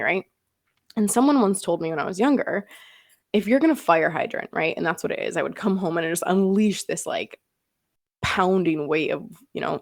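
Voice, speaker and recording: A woman's voice: mid-range voice, vocal fry, darkish tone, no echo, studio quality. A young woman hosting a podcast as a business coach, talking earnestly and emphatically with frequent laughs. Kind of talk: casual podcast monologue.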